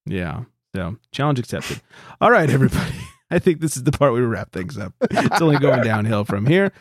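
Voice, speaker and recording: A man hosts a loose, casual podcast, reading out a local news story and wrapping up the show between bursts of laughter. He speaks at a middle pitch, close to the mic in a dry, dead room. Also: very animated, brisk, husky, no echo. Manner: laughs often, puts on mock tough-guy voices. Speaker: podcast host.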